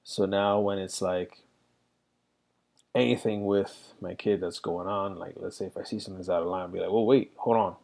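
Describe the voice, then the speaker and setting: A man's voice: low voice, little pitch movement, moderate pace, vocal fry, a little mellow. A middle-aged man reflecting candidly in a rambling casual monologue, full of fillers. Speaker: vlogger.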